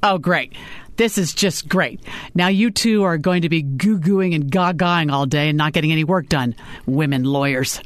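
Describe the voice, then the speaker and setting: A woman's voice: sits low, moderate pace, dry recording, natural voice. Woman reading a curt male boss. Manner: curt and impatient. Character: gruff, dismissive male law-firm boss. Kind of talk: audiobook character reading.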